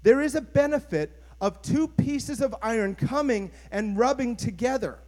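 A man's voice: very high-pitched, normal speed, darkish tone. A man, a pastor, preaching an earnest, conversational sermon and putting questions to his congregation.

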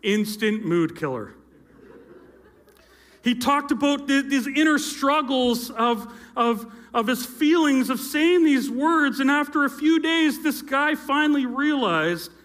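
A man's voice: very high-pitched, lively intonation, slow, fairly bright tone. A middle-aged man, a youth pastor, telling a story in a sermon from a church stage, with playful asides to his listeners. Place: church stage with a live audience. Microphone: handheld or stage mic with feedback.

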